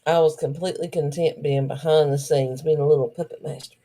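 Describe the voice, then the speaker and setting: A woman's voice: deep voice, fairly even intonation, fairly quick, mellow. A woman co-hosting a livestream, frank and joking. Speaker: co-host. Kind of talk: casual livestream chat.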